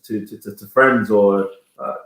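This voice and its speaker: Guest singer, man in his thirties from Jamaica, rambling chat, deep voice with heavy room echo. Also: big pitch swings, measured pace, fairly bright tone, a little hiss or hum. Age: 30s. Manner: rambling, searching for words, many restarts. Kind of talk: casual interview chat. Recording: very echoey room.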